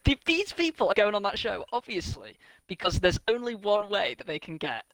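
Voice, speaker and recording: A man's voice: high voice, very animated, moderate pace, a bit bright, dry recording, rough recording. A young man chatting casually, joking wryly and acting out imagined couples. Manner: wry, joking, playfully acts out imagined people. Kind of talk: casual chat.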